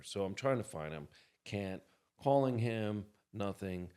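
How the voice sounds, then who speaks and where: A man telling an anecdote as a podcast guest, animated and acting out the people in his story. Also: lowish voice, a little slow, clear, resonant tone.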